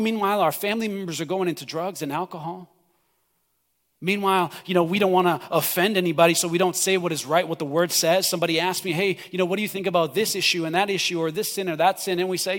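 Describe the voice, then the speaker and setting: Impassioned high-voiced preacher in a reverberant hall. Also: male voice, fairly even intonation, quick pace. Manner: impassioned, swings from loud pleading to hushed. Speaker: pastor. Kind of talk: sermon.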